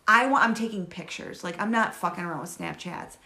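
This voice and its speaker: A woman in her thirties co-hosting a casual chat podcast, excitable and laughing often, swearing freely. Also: on the low side, a little fast, vocal fry. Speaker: podcast co-host.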